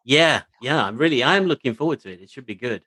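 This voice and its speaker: A man's voice: mid-range voice, expressive, quick pace, pushed and bright, no room sound, poor audio. A man co-hosting a casual book chat, friendly and hesitant, with many ums and restarts. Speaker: podcast co-host.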